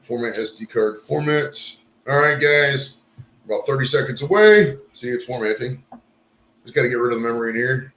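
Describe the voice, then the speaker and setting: A man's voice: medium pitch, normal speed, fairly bright tone. Profane rambling man hosting live. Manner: profane, rambling, fixes gear on air. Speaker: live show host. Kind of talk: casual live-stream chat. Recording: roomy echo.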